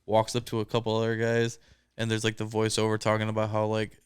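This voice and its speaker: A man's voice: lowish voice, completely flat delivery, quick pace, smooth, no room sound. A man from Michigan co-hosting a casual movie podcast, laughing often as he loosely retells scenes. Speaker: podcast co-host.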